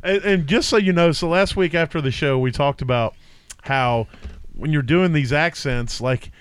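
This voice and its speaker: A man's voice: mid-range voice, clear, resonant tone, no echo. A man co-hosting a casual fantasy sports podcast, rambling and joking with lots of fillers. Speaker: co-host.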